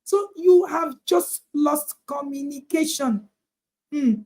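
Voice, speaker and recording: A woman's voice: high-pitched, slow, warm tone. A woman parenting coach giving a motivational talk to parents, emphatic, repeating her points and asking rhetorical questions.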